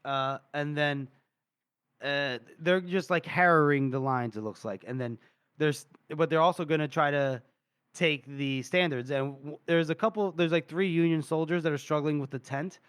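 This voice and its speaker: A man's voice: a little high, normal speed, fairly bright tone, clean tone. A man co-hosting a podcast, retelling a book chapter in casual, rambling chat full of fillers. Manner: rambling, filler-heavy storytelling. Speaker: podcast co-host.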